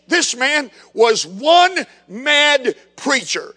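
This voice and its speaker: A man's voice: very high-pitched, sing-song, very slow, few pauses, sharp tone, in a large hall. A man preaching a sermon in an emphatic, fiery way, piling up repeated words for force.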